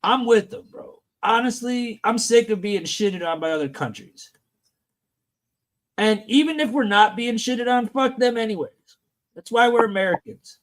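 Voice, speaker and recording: A man's voice: very high-pitched, normal speed, fairly bright tone. A man hosting a live stream panel, reading and ranting about the news in a crude, profane, brash way.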